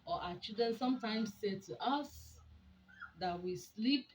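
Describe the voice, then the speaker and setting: A woman giving a teaching talk to an audience, deliberate and emphatic, often asking rhetorical questions. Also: on the high side, a little mellow, slight background noise, low-quality recording. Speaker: speaker on a women's program.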